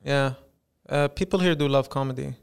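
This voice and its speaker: A young man from the UAE, a stand-up comedian, chatting on a podcast in a blended Western American accent. His voice is gravelly yet clear and smooth, and his pitch sits in an everyday middle range. He talks in a light, joking way. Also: normal speed. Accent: mixed Western American. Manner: lively, jokey, tries on accents. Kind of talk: casual podcast interview.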